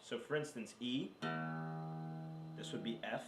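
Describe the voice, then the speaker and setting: Chatty guitar teacher in an echoey room. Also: male voice, medium pitch, measured pace, long pauses. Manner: loose and chatty, with filler words. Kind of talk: casual video guitar lesson. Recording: roomy, distant mic with guitar playing. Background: guitar notes played between phrases.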